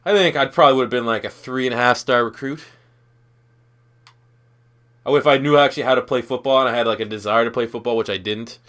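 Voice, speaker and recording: Profane young gaming commentator. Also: male voice, mid-range voice, steady tone, quick pace, pauses often, a bit bright. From Canada. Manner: loose, profane, rambling and self-deprecating. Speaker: gaming YouTuber. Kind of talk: casual gameplay commentary.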